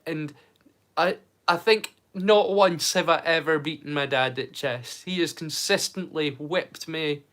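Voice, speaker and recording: On his livestream, this thirty-something man from Scotland talks in a rambling, casual way, frequently repeating words as he starts sentences. His voice is a little high with a fairly bright tone.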